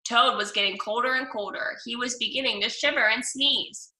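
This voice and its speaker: A woman reading a children's storybook aloud in a clear, steady, gentle manner, in a roomy room with the mic at a distance. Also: on the high side, normal speed. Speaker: storybook reader.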